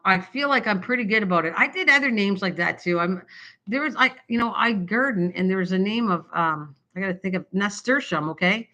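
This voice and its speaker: Chatty older woman with a bright voice. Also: medium pitch. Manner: chatty, rambling, often laughing. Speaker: craft livestream host. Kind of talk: rambling casual livestream chat. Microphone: built-in camera mic.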